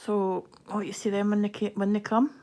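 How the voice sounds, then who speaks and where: A woman's voice: medium pitch, level tone, moderate pace, darkish tone. A woman hosting a livestream while she stitches, counting and muttering asides half to herself, flustered and hot. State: flustered and overheated. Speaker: livestream host. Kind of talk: casual self-talk while stitching on a livestream.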